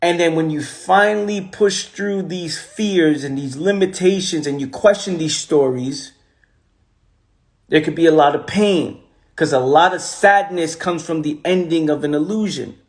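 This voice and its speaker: Guy preaching motivation on a phone live, pretty high voice, keeps repeating himself for emphasis. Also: a little slow. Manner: casual slang. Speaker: motivational speaker. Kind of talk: motivational livestream talk. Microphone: phone on a livestream.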